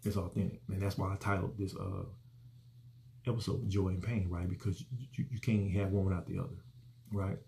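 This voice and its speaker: Middle-aged man, gravelly fry in the voice, earnest rambling host. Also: low voice, a little fast, dark tone, a little hiss or hum. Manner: rambling, earnest, repeats words. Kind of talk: casual personal reflection.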